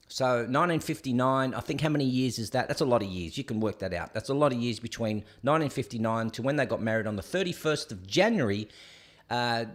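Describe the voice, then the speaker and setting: A man's voice: medium pitch, fairly bright tone. A man, hosting a live show and telling stories in a rambling, conversational way full of fillers. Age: 60s. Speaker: podcast host. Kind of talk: live casual chat and rant.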